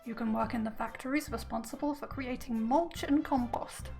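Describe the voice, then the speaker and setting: A pompous male snail headmaster addresses a crowd of graduates in a video game, formal and speechy, as a woman reads him out. The voice stays high. Faint music sits underneath. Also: moderate pace, gravelly, darkish tone.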